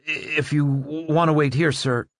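A man's voice: on the high side, steady tone, a little slow, no room sound, studio quality, voice pushed up. A man voicing a frightened young guard who stammers and addresses his superior as sir, in a storybook reading. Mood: nervous. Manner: stammering, deferential.

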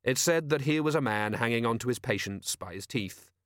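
A man narrating an audiobook in a measured, wry delivery. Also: mid-range voice, animated, a bit bright, dry recording, clean studio sound. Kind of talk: scripted narration.

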